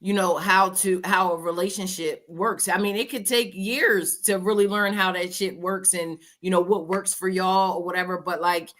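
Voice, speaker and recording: A woman's voice: on the low side, steady tone, normal speed, hardly any pauses, fairly bright tone. A woman co-hosting a casual podcast chat, earnest and giving advice. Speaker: podcast co-host.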